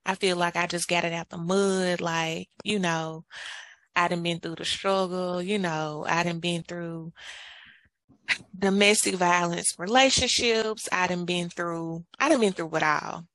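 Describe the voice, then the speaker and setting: A woman's voice: on the low side, steady tone, measured pace, a bit bright, no room sound, rough recording. A woman with a Memphis Southern accent, co-hosting a podcast, talking in an easygoing, reflective way. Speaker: podcast co-host, entrepreneur. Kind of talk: casual podcast chat.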